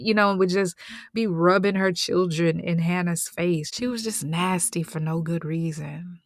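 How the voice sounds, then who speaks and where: A woman's voice: lowish voice, normal speed, no room sound, clean studio sound. A woman retelling a story in a conversational, slangy way with whispered asides.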